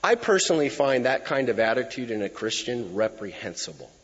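A man preaching a sermon, expressive and emphatic, with frequent asides to the congregation. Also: medium pitch, fairly quick, breathy edge. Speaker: pastor. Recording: reverberant hall, dull lo-fi sound.

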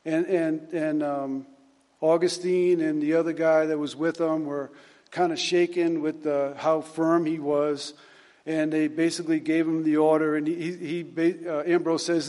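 A man preaching a sermon, retelling a story and reading scripture in a halting way, with many repeated words and fillers. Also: on the high side, flat delivery, darkish tone, long reverb tail.

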